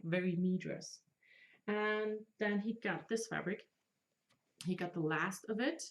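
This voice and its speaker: Hosting a laid-back craft podcast, this woman in her thirties speaks a little slowly in a mid-range voice. Her casual chat is enthusiastic and peppered with jokes at her own expense.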